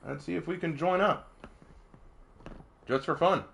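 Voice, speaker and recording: A man streaming a game with casual commentary, chatty and quick to laugh, telling stories with energy. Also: on the high side, creaky. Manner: chatty, laughs often, animated storytelling.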